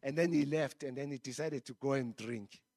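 A man's voice: medium pitch, moderate pace, darkish tone, no room sound, studio quality. A man preaching a sermon, telling a personal story and chuckling often.

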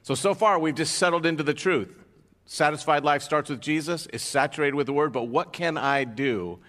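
A male pastor delivers a sermon in a church sanctuary, mixing a joke story with pointed rhetorical questions. His voice sits a bit higher than most men's. The sound carries a long hall reverb. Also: moderate pace, a bit bright. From United States.

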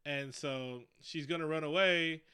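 Dude ranting thru a movie recap, kinda high voice, bright and clear, swears a lot. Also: male voice, unhurried. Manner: animated, profane, jokey storytelling. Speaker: podcast co-host recapping a movie. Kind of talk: casual chat.

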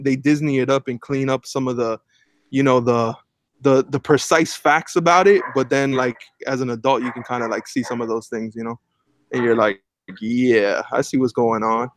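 A man's voice: medium pitch, normal speed, no echo. Rambling man on a dry podcast mic. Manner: rambling, many fillers and restarts. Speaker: podcast co-host. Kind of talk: casual podcast chat.

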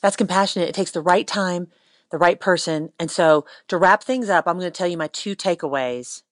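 A woman with a fairly low voice hosts a podcast in a playful, chatty manner. The sound is close and dry. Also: no echo. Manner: playful, quick to laugh. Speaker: podcast host. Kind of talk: conversational podcast hosting.

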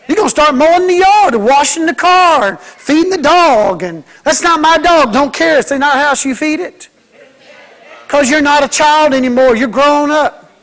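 A man's voice: very high-pitched, fairly bright tone. A man preaching a sermon as pastor, folksy and joking, mimicking kids and church members.

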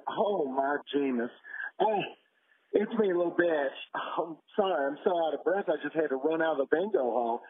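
Man doing a high-pitched frantic gossip, breathless, stammering, swooping voice, husky, tinny phone-line voicemail. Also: full character voice. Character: frantic gossipy small-town caller, excitable and rambling. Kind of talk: comic voicemail sketch.

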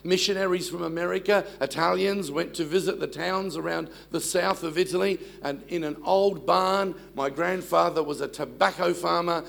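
Man, 60s, pastor, sermon, gravelly, slightly high voice, humorous storytelling. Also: steady tone, moderate pace, few pauses. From Australia. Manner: warm storytelling with self-deprecating humor.

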